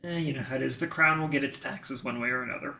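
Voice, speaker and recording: Gravelly-voiced man running a tabletop game. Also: mid-range voice, fairly even intonation, fast, pushed and bright. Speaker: dungeon master.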